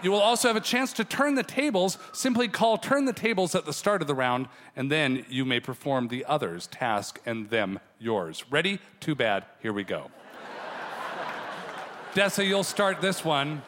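A man hosting a live improv game show, brisk, dry and teasing. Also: a little high, expressive, a bit bright. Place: theater stage before an audience. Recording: live stage with long reverb, crowd and noise.

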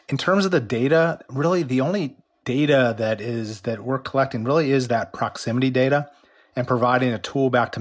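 A man answering interview questions in a mid-range voice, talking things through with many restarts. His voice is going, a little worn and strained. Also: mid-range voice. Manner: explanatory, with frequent restarts. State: losing his voice. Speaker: company executive interviewed about a workplace app. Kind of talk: remote news interview.

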